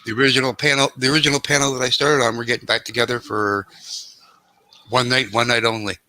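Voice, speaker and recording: A man in a casual group chat who explains things in quick bursts. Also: medium pitch, flat delivery, sharp tone, rough recording. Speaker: panelist.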